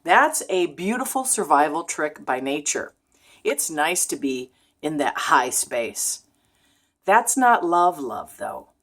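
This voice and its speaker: A woman's voice: low voice, big pitch swings, takes it slowly, fairly bright tone. A woman talking to camera in a casual vlog, frank and emphatic, laughing now and then as she talks. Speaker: vlogger.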